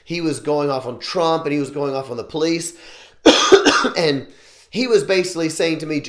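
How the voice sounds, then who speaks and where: A man's voice: fairly high pitch, moderate pace, a bit bright. Earnest man with a roomy echo. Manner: earnest, opinionated, often restarting sentences. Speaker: show host. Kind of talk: opinion vlog monologue.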